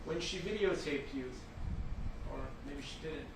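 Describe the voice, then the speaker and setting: Far-off man cross-examining in an echoey courtroom. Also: a little high. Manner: deliberate, pressing yes-or-no questions. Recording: distant echoey courtroom mic with noise.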